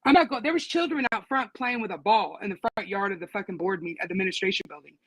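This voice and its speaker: A woman's voice: mid-range voice, fast talker, husky, no echo, rough recording. A woman with a teenage daughter, telling what happened to her in casual, profane, indignant storytelling. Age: adult with teenage daughter. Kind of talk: casual conversation.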